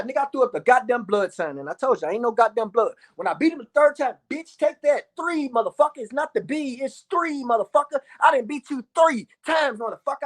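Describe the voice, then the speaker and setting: A man with a high-sitting voice and a Louisville, Kentucky accent tells his own story in an excitable, profane monologue, acting out other people's voices.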